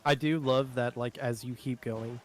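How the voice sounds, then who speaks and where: A man's voice: medium pitch, fairly even intonation, normal speed, soft background music. Casual swearing man. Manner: laughs often, swears casually. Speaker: streamer. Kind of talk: casual chat.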